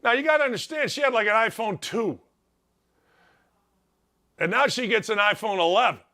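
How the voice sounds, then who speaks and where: Excitable man telling stories, higher voice. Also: normal speed. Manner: excitable storyteller, self-mocking, repeats phrases for effect. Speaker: sports show host. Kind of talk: animated casual monologue.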